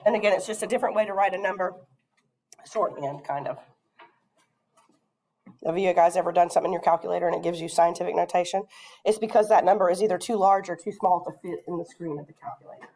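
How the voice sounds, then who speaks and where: A woman's voice: lowish voice, fairly even intonation, fast talker, a little mellow, a little hiss or hum. Patient woman teaching a math class. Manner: patient, checks in with questions. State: coughing, throat catching.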